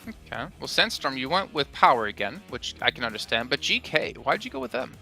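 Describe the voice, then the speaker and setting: Very bright-voiced male esports desk host. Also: medium pitch, big pitch swings, fairly quick, creaky, soft background music. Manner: teasing, chatty, hands off questions.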